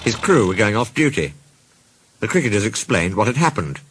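A man narrating a children's storybook in an expressive, playful manner. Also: on the low side, fairly quick, slight background noise. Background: background music.

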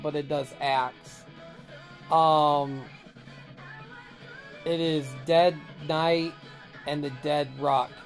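A sleepy vlogger casually recapping an anime episode, rambling and swearing freely with lots of fillers. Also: medium pitch. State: sleepy, barely awake.

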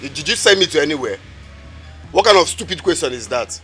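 An actor with a Nigerian accent playing a hot-tempered grown son, loud and complaining in a film scene. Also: male voice, a little high, expressive, fast. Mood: angry. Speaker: son returning from a journey. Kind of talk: Nollywood film acting. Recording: music playing under the dialogue.

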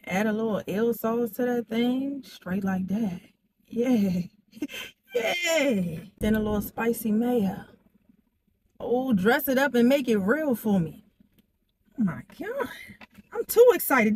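A young woman hosting an eating show, chatting excitedly and straight to her viewers as she tastes each dish. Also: fairly high pitch, takes it slowly, long pauses, a little hiss or hum. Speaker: food vlogger. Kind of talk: casual eating-show chat.

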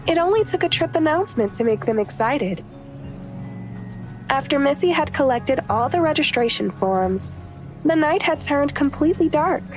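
A woman with a high voice narrates an audiobook in a steady, even way. Soft music plays faintly underneath her reading. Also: moderate pace. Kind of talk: scripted narration.

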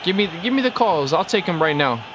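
A young man commentating his own football video game, chatty and excitable, urging and scolding the players on screen. His voice sits a little high. Steady background noise fills the recording. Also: brisk, highs cut off. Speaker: gaming video creator. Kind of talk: live gameplay commentary.

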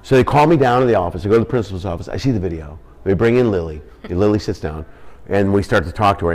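Low-voiced comedian chatting casually. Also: male voice, fast talker. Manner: relaxed storyteller with frequent restarts. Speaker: comedian as interview guest. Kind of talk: casual interview.

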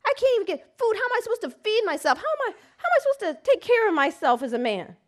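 A woman's voice: very high voice, big pitch swings, fast, pitched above the performer's own voice. A woman voicing a desperate, angry young man. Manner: loud, pleading, indignant.

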